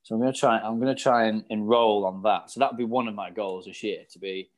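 A man's voice: lowish voice, steady tone, quick pace. A man in casual chat as co-host, talking about coaching and studies, laughing easily at himself. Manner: laughs easily, self-deprecating.

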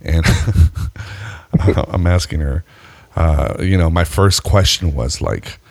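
A podcast co-host tells a story in casual chat, slow and gravelly, with no room sound. He's animated, jumping high in pitch to act out what people said, laughing often and swearing freely, throwing in "bro" and "dude".

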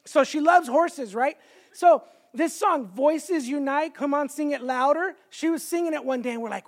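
A man's voice: very high voice, normal speed. A man in his thirties preaching as a guest evangelist, speaking from a church stage. He talks in a loose, chatty way, telling family stories and poking fun at himself before he gets to his message. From Los Angeles area, California. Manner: chatty, self-deprecating storytelling with jokes. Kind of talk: sermon.

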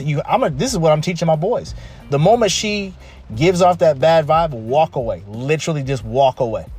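A man's voice: a little high, darkish tone, breathy edge. A man in his thirties talking casually and emphatically, repeating himself and restarting phrases, with heavy rain heard behind him. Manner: emphatic, repetitive, restarts often. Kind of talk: casual monologue. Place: home during a rainstorm. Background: pouring rain, faint music.

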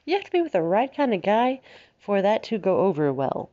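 A woman in her thirties from Alabama speaks with a soft Southern twang in a rambling, chatty podcast monologue. She giggles easily, swears casually and pokes fun at herself. The recording sounds a little dull and lo-fi. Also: mid-range voice, very animated, a little fast. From Alabama, United States. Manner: giggly, swears freely, self-mocking. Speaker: podcast host.

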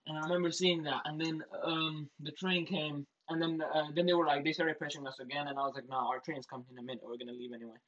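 A teenage boy telling a story in casual chat, animated and acting out what people said. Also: fairly high pitch, fast, hardly any pauses, highs cut off. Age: teens. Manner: animated storytelling, acts out quotes, laughs. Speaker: storyteller brother.

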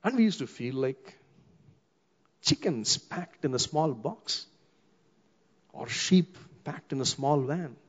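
A middle-aged man with an Indian English accent, preaching a sermon as a pastor and slowing down for emphasis. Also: mid-range voice, husky. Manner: expressive, slows down for emphasis, acts out quoted voices. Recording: long hall reverb, dull muffled sound.

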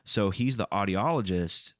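A man's voice: lowish voice, normal speed, a little hiss or hum. A man co-hosting a podcast in casual chat, rambling through stories and swearing freely. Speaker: podcast co-host.

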